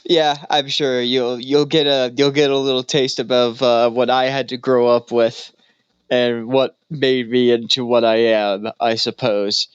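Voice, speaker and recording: A man's voice: mid-range voice, flat delivery, clear, resonant tone, dry recording, lo-fi sound. A man co-hosting a casual podcast, teasing dryly and laughing easily. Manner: dry, wry teasing with quick laughs. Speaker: podcast co-host.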